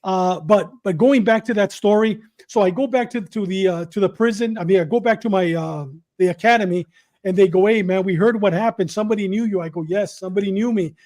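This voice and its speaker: Telling his story on a podcast, an animated, high-voiced Southern Californian man recounts prison experiences. He moves fast, repeats himself and performs the quotes he relates.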